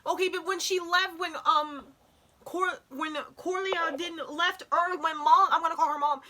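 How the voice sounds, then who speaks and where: High bright-voiced woman fangirling over a show, gushy, swears, talks slow. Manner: gushing, excitable, swears, trails off mid-sentence. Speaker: show reaction vlogger. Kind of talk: emotional casual reaction commentary.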